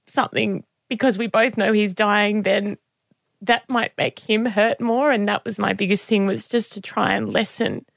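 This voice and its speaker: Woman in her thirties, podcast guest; gravelly edge, dry close sound, reflective and halting. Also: mid-range voice, fairly even intonation, no room sound. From Australia. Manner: reflective, halting, with frequent restarts. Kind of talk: candid conversational interview.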